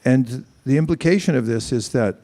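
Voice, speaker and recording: Man giving a sermon, gravelly low-key voice, dark tone, explains slowly. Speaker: temple speaker.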